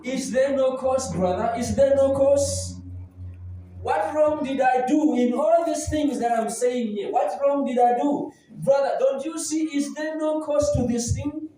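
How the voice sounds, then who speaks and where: A man's voice: very high voice, a little slow, dark tone, slight background noise. A man voicing a bold young shepherd who pleads indignantly with his brother. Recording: very echoey church hall, mic at a distance.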